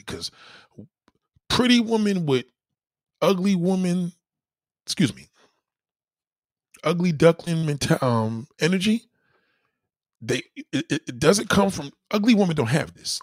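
A man's voice: on the high side, slightly rough, no room sound, studio quality. A man chatting casually as a host, telling profane stories and acting out quoted people. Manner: animated, profane storytelling with mock-quoted voices. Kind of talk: casual chat.

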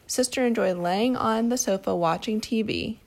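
A woman reading a picture book aloud to a child, telling the story in a calm, steady way. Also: a little high, moderate pace, creaky. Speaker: storybook reader.

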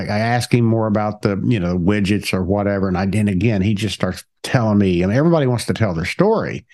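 A middle-aged man co-hosting a casual chat, telling sales stories and acting out both sides of the talk. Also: fairly low pitch. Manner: animated, acts out both sides of his stories. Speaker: podcast co-host.

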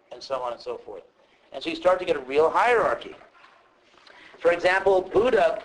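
Lecturer, male, higher-pitched voice, casual and animated teaching style. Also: poor audio. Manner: conversational, animated, acts out quotes. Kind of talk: classroom lecture.

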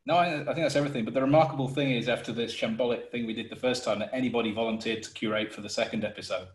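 A man co-hosting a podcast in casual chat, quick and offhand with dry remarks. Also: mid-range voice, steady tone. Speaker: podcast co-host. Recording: echoey room, away from the mic.

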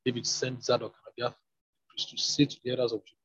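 A man reading a Bible passage aloud in a plain, steady way. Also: medium pitch, fast, husky, no echo. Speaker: scripture reader. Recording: dull lo-fi recording.

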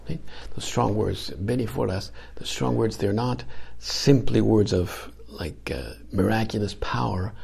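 Guy giving a laid-back homily, really raspy gravelly voice, lowish, keeps slipping into whispers. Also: darkish tone. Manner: conversational, halting with restarts, often drops to a whisper. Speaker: preacher. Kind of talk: informal homily.

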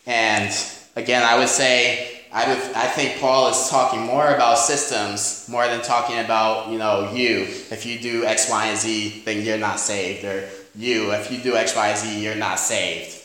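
A man's voice: medium pitch, steady tone, moderate pace, fairly bright tone. A man with a New York accent preaching a sermon in a conversational way, with frequent "you know" and calls of "amen?". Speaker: pastor. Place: church. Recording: very echoey church hall.

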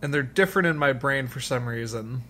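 A man's voice: medium pitch, brisk, sharp tone. A man co-hosting a casual podcast, joking and laughing easily as he chats. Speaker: podcast co-host. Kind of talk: casual chat.

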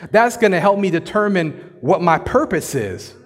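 Male pastor, high voice, casual and jokey delivery, long church reverb. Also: sing-song, normal speed. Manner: conversational, joking, slangy preaching. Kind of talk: sermon. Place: church sanctuary.

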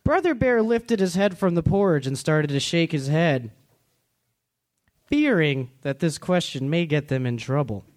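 A man, a comedian, reading a comic story in a deadpan storybook manner at a comedy club. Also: on the high side, measured pace.

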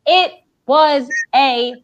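A woman's voice: high-pitched, extremely slow, muffled recording. A woman co-hosting a podcast in casual chat, telling stories in a dramatic, indignant way. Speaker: podcast co-host.

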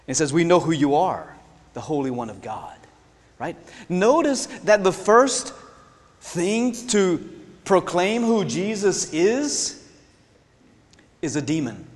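Animated high-voiced male preacher. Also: takes it slowly, in a large hall. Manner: animated, laughing, acts out voices in quotes. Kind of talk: sermon.

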